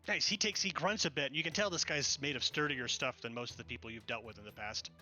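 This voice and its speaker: A man narrating as game master in an online tabletop session, relaxed and muttering to himself between descriptions. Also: mid-range voice, fast talker, soft background music. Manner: relaxed, mutters to himself while moving tokens.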